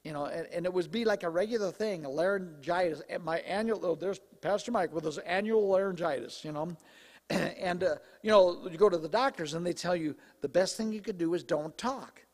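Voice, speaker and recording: Male pastor, sermon, high voice, slightly hoarse, chatty and animated, long church-hall reverb. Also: a little fast. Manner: conversational, animated preaching. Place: church sanctuary.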